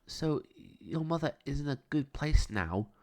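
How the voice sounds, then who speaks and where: Storybook girl, gentle and tender, higher voice, read by a man. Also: animated, a little slow.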